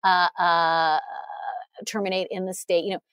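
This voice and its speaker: A woman's voice: fairly low pitch, flat delivery, a little slow, fairly bright tone, clean tone, no echo. A woman guest on an interview, speaking earnestly and articulately with frequent "you know" fillers and short laughs. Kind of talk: conversational analysis.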